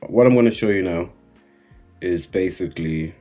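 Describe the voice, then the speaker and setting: Low-voiced man teaching trading. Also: warm tone, faint music behind. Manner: unhurried, repeating "right?" and "guys" to the chat. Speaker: trading instructor. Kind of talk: live-streamed trading lesson.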